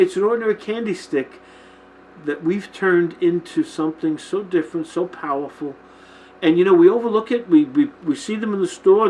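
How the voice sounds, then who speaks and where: The audio is poor, with a little hiss or hum, as a man with a voice on the high side films himself using a camera mic. On his Christian teaching show he chats informally to camera on Bible themes and regularly checks in with listeners.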